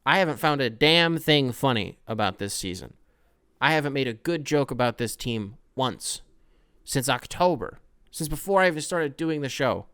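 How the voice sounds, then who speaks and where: A young man talks through a casual solo podcast in a rambling, profane way, breaking into sudden loud outbursts. His voice sits at an ordinary middle pitch for a man. The sound is close and dry. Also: animated, normal speed, clean tone, dry recording. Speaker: podcast host.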